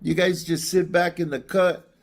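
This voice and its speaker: An older man speaks in a casual ranting monologue, defensive and stammering through restarts. His voice sits a little higher than most men's. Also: fairly even intonation, moderate pace. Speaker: guest in a played clip.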